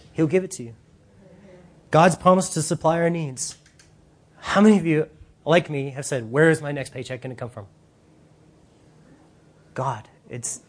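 A man preaching a sermon in an animated, casual way, using slang and acting out voices. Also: fairly high pitch.

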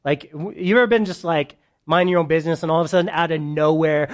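A man preaching a verse-by-verse sermon to a live congregation, animated and joking with them, swinging between loud bursts and soft asides. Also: a little high, fast, hardly any pauses. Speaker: pastor. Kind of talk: sermon, verse-by-verse Bible teaching.

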